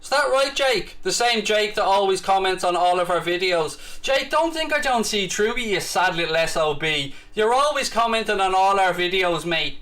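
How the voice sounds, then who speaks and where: A man's voice: sits high, lively intonation, normal speed, few pauses, sharp tone. An Irish man hosting a live stream, chatting casually and reading out viewer comments with cocky, teasing banter and mock bravado. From Ireland. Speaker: livestream host.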